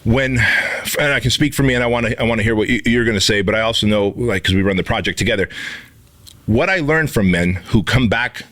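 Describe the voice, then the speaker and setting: Animated, cursing male podcast co-host. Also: on the low side, quick pace. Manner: animated, profane storytelling with acted-out quotes. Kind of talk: casual podcast conversation.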